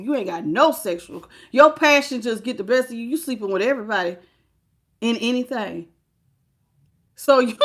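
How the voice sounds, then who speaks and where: Woman reading tarot live, pretty high voice, gets emotional. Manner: emotional, expressive, greets live chat. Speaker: tarot reader.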